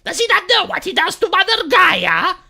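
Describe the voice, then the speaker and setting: A woman streamer puts on a preachy, wealthy celebrity who lectures ordinary folk in a high, mock-outraged voice. The tone is sharp and scolding, with the pitch swinging widely. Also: big pitch swings, normal speed, creaky, full character voice. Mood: mock outrage.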